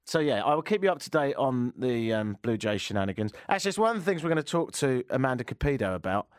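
A man's voice: medium pitch, sing-song, fast talker, clear, resonant tone, dry recording. A man hosting a comic radio talk show from the studio, ranting in a sarcastic, self-mocking way. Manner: sarcastic, self-mocking rants with mimicked chants.

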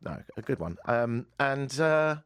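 A man's voice: medium pitch, lively intonation, unhurried, clean tone, dry recording, studio quality. A man hosting a podcast, chatting casually and joking, now and then putting on silly voices. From Britain. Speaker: podcast host. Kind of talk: casual chat.

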